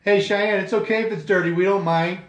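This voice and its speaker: A man co-hosting a radio show in playful, joking banter, quick to laugh. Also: sits high, steady tone, highs cut off. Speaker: radio co-host. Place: radio studio. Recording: roomy studio.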